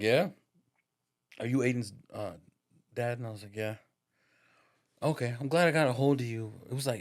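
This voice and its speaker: A man as a podcast guest, telling a story in casual, profane, slangy talk and acting out the voices in it. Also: medium pitch. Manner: lively, acts out the voices in his stories.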